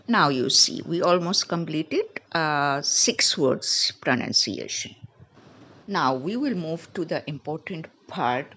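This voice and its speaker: A woman teaching a lesson, drilling pronunciation by repeating each word slowly. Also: low voice, a bit bright, a little hiss or hum. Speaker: English teacher. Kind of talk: spoken English lesson.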